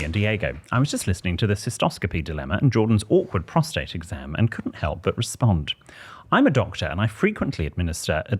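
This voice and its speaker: An English man co-hosting a podcast, reading listener letters aloud with wry, theatrical emphasis. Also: fairly low pitch. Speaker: podcast co-host.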